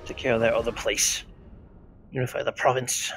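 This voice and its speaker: A man's voice: medium pitch, flat delivery, normal speed, creaky, a bit bright, faint music behind. A man co-hosting a let's play, making dry, joking asides in casual chat.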